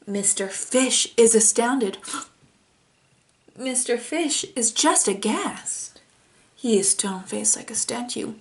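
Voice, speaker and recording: Young preschool teacher reading a kids book, slowish, kinda high voice, gasps and explains stuff. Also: female voice, expressive. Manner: gentle, explaining words with gasps of wonder. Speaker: toddler teacher. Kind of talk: reading a picture book aloud to young children.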